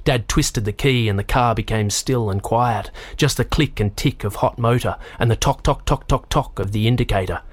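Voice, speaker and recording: A man reads a story aloud at an even, measured pace, in a mid-pitched voice. The recording is close and dry, with no room sound around him. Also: no echo. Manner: steady storytelling, lifts pitch for voiced characters. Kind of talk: audiobook narration.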